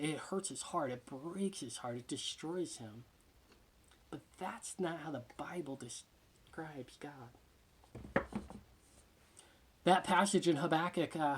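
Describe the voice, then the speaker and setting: A pastor with a slightly high voice preaches passionately, often dropping to a hushed near-whisper for emphasis. He repeats words while gathering his thoughts.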